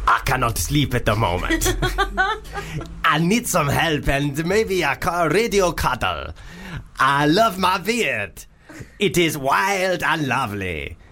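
A man's voice: a little high, pushed and bright, exaggerated voice. A man reading out a listener's email in an exaggerated, clowning put-on foreign accent.

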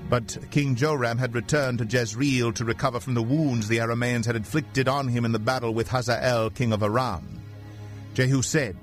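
A man reads a scripture story aloud as narrator, keeping a steady, even delivery. His voice sits at an ordinary middle pitch, and faint music plays behind him throughout. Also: moderate pace.

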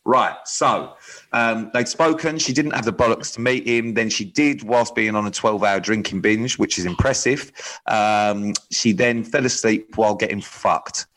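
A man co-hosting a podcast in casual chat. He talks hesitantly with many pauses and a wry tone. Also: lowish voice, a bit bright, low-quality recording. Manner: hesitant, full of ums, wry. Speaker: podcast co-host.

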